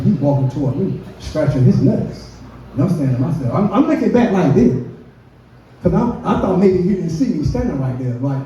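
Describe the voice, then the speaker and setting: A man's voice: a little high, dark tone. A man doing a profane stand-up comedy set, telling a work story and acting out the quotes. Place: brewery comedy stage. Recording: dull, echoey room from a distance.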